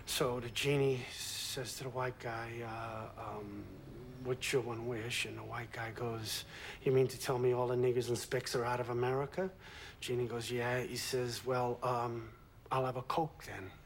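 An actor playing a bumbling young hoodlum who stammers and repeats himself while telling a joke in a film scene. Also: male voice, mid-range voice, fairly even intonation, a little slow, slight background noise, close to an everyday voice. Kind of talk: film dialogue.

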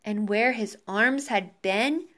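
A woman teacher reading a children's book aloud to her class over a video call, slow and expressive. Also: on the high side. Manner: slow, expressive, warm sign-off to pupils.

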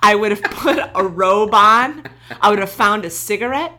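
A woman with a bright, clear-toned voice chatting casually. She tells a personal story in a lively way and acts out what each person said. Her voice sits in a middle register. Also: mid-range voice, moderate pace. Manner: animated storytelling, acting out quoted lines. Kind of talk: casual chat.

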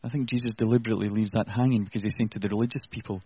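A man's voice: on the low side, steady tone, rapid-fire, husky, dry recording, highs cut off. A man preaching an earnest, conversational sermon with self-deprecating asides.

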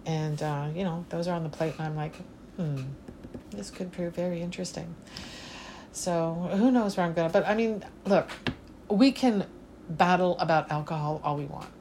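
A woman's voice: fairly low pitch, moderate pace, noisy background. A woman in casual conversation, talking emphatically and running through long lists of examples. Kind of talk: casual chat.

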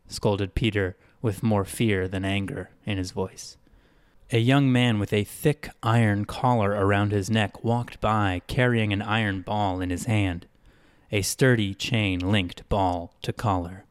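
A man reading a scripted story in an even, measured way. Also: on the low side, clear, resonant tone, dry recording. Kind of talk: scripted narration.

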